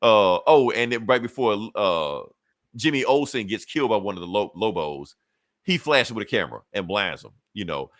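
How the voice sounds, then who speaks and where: A man in a casual podcast chat, retelling a comic story and jumping into the characters' voices as he goes. His pitch swings widely, and the sound is dry and close with no room echo. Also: moderate pace. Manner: animated storyteller acting out quoted lines, profane. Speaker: podcast co-host.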